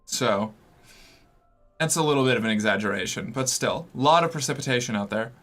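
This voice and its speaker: A man's voice: mid-range voice, expressive, fairly quick, a bit bright, soft background music. A young man from the US Northeast streaming and chatting casually with viewers, talkative and rambling with many fillers. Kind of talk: casual chat reading viewer messages.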